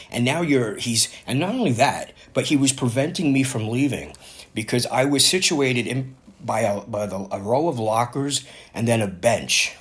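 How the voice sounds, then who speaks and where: A man's voice: medium pitch, lively intonation, moderate pace, a bit bright. A man in his fifties casually telling a personal story, rambling and correcting himself as he goes. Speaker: vlogger.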